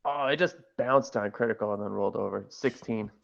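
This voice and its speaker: A man playing a tabletop game, relaxed and easygoing. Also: on the low side, fairly quick, creaky, muffled recording. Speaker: player.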